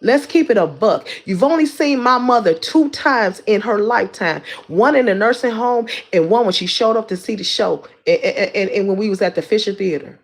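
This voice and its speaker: A woman's voice: medium pitch, animated, normal speed, hardly any pauses. A woman hosting a livestream, calling out someone in a heated rant with lots of repeated words and restarts. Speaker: livestream host.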